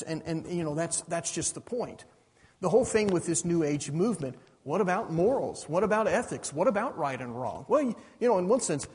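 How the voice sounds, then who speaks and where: A middle-aged man preaching with a high, husky voice that swings widely in pitch. He drives his argument with rhetorical questions, and his words ring out in a hall with a long echo. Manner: repeats "you understand that?" with rhetorical questions. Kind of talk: sermon. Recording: reverberant hall.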